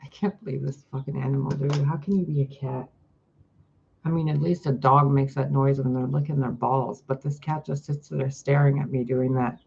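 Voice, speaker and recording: A woman's voice: very deep voice, fairly even intonation, moderate pace, vocal fry, darkish tone, lo-fi sound, a little hiss or hum. A woman vlogging in a casual, profane, exasperated rant into a phone mic.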